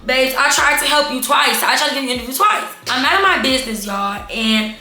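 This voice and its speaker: A woman telling a storytime vlog to her viewers, animated and exasperated, calling them y'all. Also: high voice, a little fast. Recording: echoey room with faint background music.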